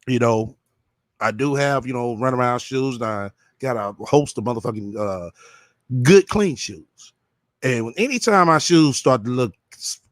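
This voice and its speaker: A man's voice: medium pitch, no room sound, studio quality. A man doing casual reaction commentary, talking bluntly and with profanity straight to his viewers. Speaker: commentary streamer.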